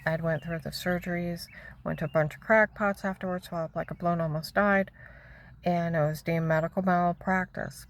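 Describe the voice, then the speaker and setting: A woman with a notably low voice tells a rambling personal story. She sounds agitated, leaps from one event to the next, and now and then sinks into a hushed whisper. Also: steady tone, fairly quick, low-quality recording. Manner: agitated, jumps between events, drops into whispers.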